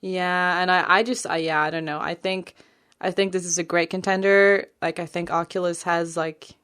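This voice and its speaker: A woman's voice: on the low side, little pitch movement, moderate pace, fairly bright tone, clear, resonant tone. A woman co-hosting a podcast, talking in a chatty, rambling way with lots of fillers. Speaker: podcast co-host. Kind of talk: casual podcast chat.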